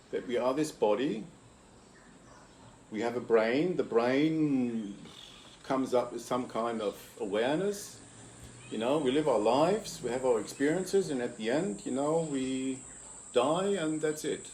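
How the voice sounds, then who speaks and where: A man hosting an interview as a consciousness coach, calmly explaining ideas step by step and posing rhetorical questions to the listener. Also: mid-range voice, a little hiss or hum. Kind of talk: reflective interview talk.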